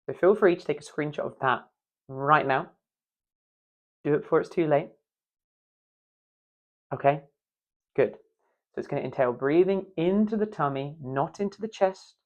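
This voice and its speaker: A man's voice: medium pitch, dull audio. A man teaching breath work for speaking, playful and demonstrative, with self-mocking asides. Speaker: voice coach. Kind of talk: instructional video.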